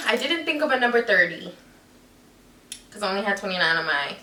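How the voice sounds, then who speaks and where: A loud, goofy young woman talking through a casual vlog with a bright, forceful tone. She sits back from the mic in an echoey room. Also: medium pitch, lively intonation, normal speed, gravelly, distant mic. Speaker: vlogger.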